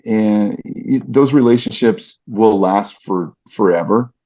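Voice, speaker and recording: A middle-aged man, a fight announcer appearing as a podcast guest, tells stories earnestly and reflectively in a casual interview, restarting often. His voice is on the low side and warm, and he takes it slowly. The podcast audio is dull and lo-fi.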